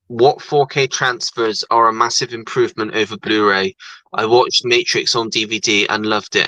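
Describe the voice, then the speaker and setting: Bright-toned man in casual stream chat. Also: fairly low pitch, no room sound, low-quality recording. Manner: animated storytelling with laughs. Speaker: livestream co-host.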